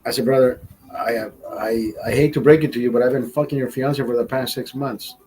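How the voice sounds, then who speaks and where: Podcast host, 40s, male, husky, profane storyteller who mimics the people in his story. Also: medium pitch, brisk, low-quality recording. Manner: profane, animated, acts out quoted voices. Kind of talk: crude storytelling monologue. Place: studio.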